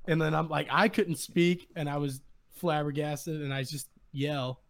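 A young man hosting a podcast, excitedly retelling a story in casual chat. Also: fairly high pitch, measured pace. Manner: excited, animated retelling with quoted voices. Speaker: podcast host.

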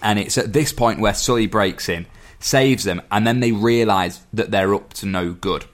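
A man's voice: fairly low pitch, moderate pace. A man in casual chat, recapping a film plot at length and stumbling over some words. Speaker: podcast co-host.

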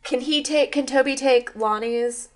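A woman's voice: sits high, unhurried. A woman playing a tabletop game, cautious and chatty, laughing often. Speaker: player. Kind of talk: casual tabletop play.

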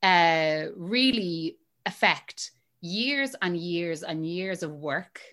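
A woman's voice: lowish voice, animated, drawn-out words, a bit bright. A woman in her thirties, an actor guest on a podcast, talking casually with frequent laughs and restarts. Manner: chatty, laughs often, many restarts. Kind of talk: casual interview chat.

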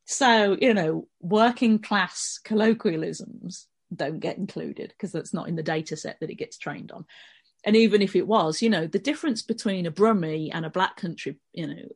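A middle-aged woman with a Birmingham accent, her voice sitting on the lower side. She talks in a relaxed, conversational way, explaining things at length as a guest on a podcast panel. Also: slightly rough. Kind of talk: casual podcast discussion.

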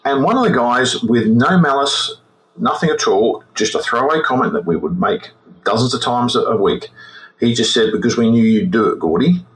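A man's voice: mid-range voice, expressive, a bit bright, low-quality recording. A man in his sixties with an Australian accent, a retired forensic examiner telling his story in an interview, often repeating words as he goes. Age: 60s. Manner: halting, repeats words as he recounts.

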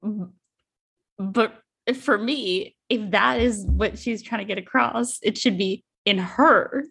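A woman's voice: medium pitch, takes it slowly, gravelly, a bit bright, slightly rough. A woman co-hosting a book podcast, talking casually and unhurriedly with plenty of fillers. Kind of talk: casual chat.

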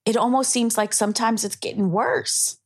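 A woman's voice: on the high side, moderate pace. A woman hosting a podcast, talking passionately and emphatically in a heartfelt casual conversation. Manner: passionate, emphatic, tearful at times. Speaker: podcast host.

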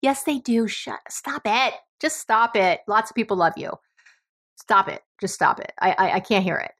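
A woman's voice: medium pitch, lively intonation, normal speed, a bit bright. A middle-aged woman from New York with a New York accent, hosting a podcast in a blunt, emphatic monologue and swearing freely. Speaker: podcast host.

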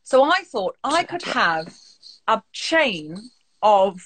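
A woman's voice: mid-range voice, very animated, takes it slowly, fairly bright tone. A woman hosting a casual podcast chat, playful and rambling, teasing her guest. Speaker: podcast host. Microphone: remote live stream mic.

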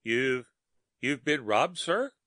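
A man's voice: medium pitch, lively intonation, takes it slowly, pushed and bright, dry recording, studio quality. A man doing a nervous, stammering desk clerk. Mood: worried. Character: pale, worried male hotel desk clerk.

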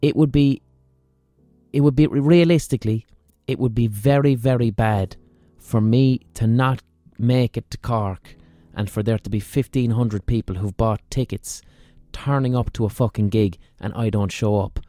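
An Irish man telling a profane, ranting comic story on his podcast, with animated asides. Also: medium pitch, moderate pace, dry recording, faint music behind. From Ireland. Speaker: comedian and podcast host.

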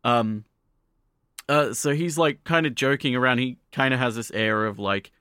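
A man's voice: medium pitch, normal speed, pushed and bright, smooth, no echo, clean studio sound. A man co-hosting a casual anime podcast. He rambles with lots of "like" fillers and recaps scenes by acting out the characters' lines. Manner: rambling, heavy use of "like" fillers. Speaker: podcast co-host.

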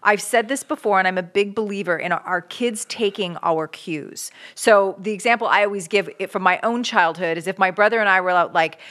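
A middle-aged woman from Canada co-hosts a relaxed conversation about raising kids. She talks in a lively, expressive way and slips into other people's voices to act out what they said. Her pitch sits in the middle of the range, and the talk stays casual and chatty. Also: brisk, hardly any pauses. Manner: animated, acts out quoted voices with big pitch jumps. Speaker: podcast co-host. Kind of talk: casual parenting chat.

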